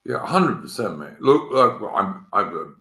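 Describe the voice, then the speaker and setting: Deep-voiced man, roomy sound. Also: sing-song, moderate pace, sharp tone. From England. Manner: earnest, repeats words, says mate. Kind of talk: casual political chat. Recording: roomy echo.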